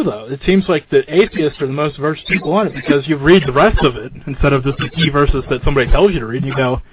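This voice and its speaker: A man hosting a paranormal talk radio show, chatting in a relaxed, conversational way. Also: a little high. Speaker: radio host. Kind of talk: casual talk radio chat. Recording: dull lo-fi radio with faint noise.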